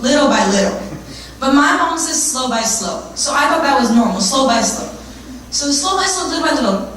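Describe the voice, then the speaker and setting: A woman with a high, bright voice delivers a candid, emphatic motivational talk, punctuated by swearing and catchphrases. She is captured from a distance in a very reverberant live room. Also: slight background noise. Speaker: workshop speaker. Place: live venue with an audience.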